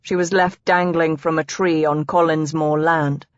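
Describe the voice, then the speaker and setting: Woman doing a laconic male companion, terse, calm, slow, storybook audiobook. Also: low voice, no echo, highs cut off.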